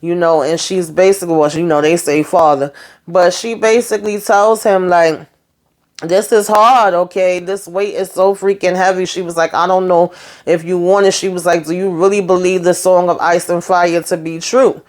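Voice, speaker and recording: A woman retelling a TV episode in a loose, chatty way, tossing in sassy asides. She speaks with a somewhat low voice, and her talk is full of fillers. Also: steady tone, moderate pace, darkish tone. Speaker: show recapper. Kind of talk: casual recap commentary.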